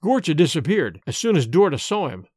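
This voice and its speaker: A man's voice: on the high side, fairly quick, breathy edge, dry recording, studio quality. A man giving a dramatic audiobook reading of a gothic story, voicing the characters' lines with feeling. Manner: expressive, voices the characters' lines.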